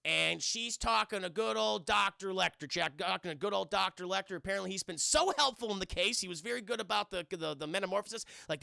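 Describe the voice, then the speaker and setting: A man's voice: sits high, fast talker, vocal fry, few pauses, pushed and bright, dry recording, clean studio sound. A young man streaming a casual, profane film breakdown, chatting to his viewers as he goes. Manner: profane, chatty, keeps addressing chat.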